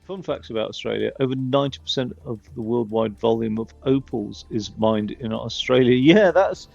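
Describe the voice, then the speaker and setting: A man's voice: mid-range voice, moderate pace, creaky, darkish tone, soft background music. A man giving casual, rambling gameplay commentary with chatty, self-mocking asides on a slightly dull, lo-fi mic. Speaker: gaming channel host.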